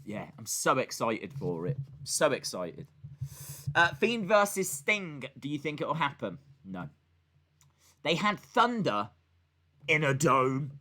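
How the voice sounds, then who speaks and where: With a bright, forceful, medium-pitched voice, a live-stream host reacting to wrestling reads chat in a loose, rambling way. He's full of fillers and restarts, joking with viewers and answering back to his voice assistant.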